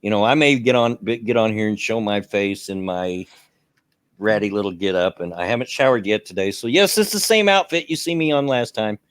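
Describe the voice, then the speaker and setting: A man's voice: fairly low pitch, brisk, clear, resonant tone. A man in casual stream chat, easygoing and folksy, telling small stories and joking about himself.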